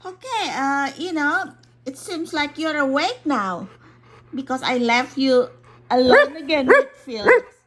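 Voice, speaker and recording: A woman's voice: high-pitched, sing-song, measured pace, fairly bright tone. A young woman chatting casually with her dog, coaxing it with frequent laughs. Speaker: dog owner. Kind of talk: casual chat with her pet.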